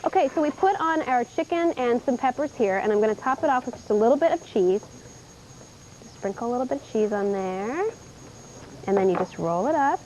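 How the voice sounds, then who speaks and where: A woman's voice: on the high side, animated, normal speed, darkish tone, a little hiss or hum. A young woman from Indiana hosting a live TV shopping show, chatty and upbeat as she demonstrates cookware. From Indiana, USA. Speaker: home shopping host. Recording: dull 1990s TV broadcast tape.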